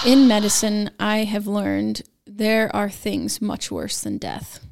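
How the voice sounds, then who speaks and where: Earnest woman guest, mid-pitch, pushes hard on key points. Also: very animated, slow pace, creaky, a little mellow. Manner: earnest, emphatic, rising to stress points. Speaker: nurse guest, advocacy founder. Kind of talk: conversational podcast interview.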